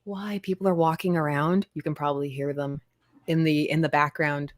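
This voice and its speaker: A woman's voice: low voice, steady tone, moderate pace, no echo, clean studio sound. A woman hosting a casual comics livestream, chatty and self-deprecating, laughing often. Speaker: comics show host.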